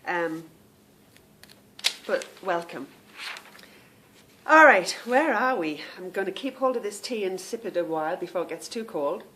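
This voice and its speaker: A woman's voice: fairly low pitch, animated, a little slow, long pauses, bright, forceful tone. A woman hosting a knitting podcast, chatting casually to viewers, rambling off on tangents and stumbling over unfamiliar names.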